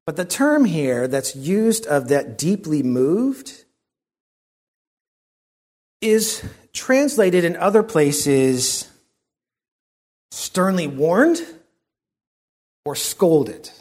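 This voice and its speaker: A man preaching a sermon in an earnest, reflective way, often dropping to a soft hush. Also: on the high side, very animated, extremely slow, long pauses.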